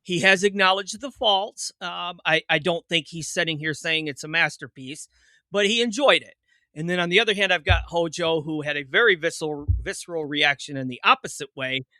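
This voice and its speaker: A man hosts a casual podcast chat, his voice very bright and a touch high. He rambles and interrupts himself with jokes. The sound is dry and close. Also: a little fast, no room sound. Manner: rambling, self-interrupting, joking. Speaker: podcast host.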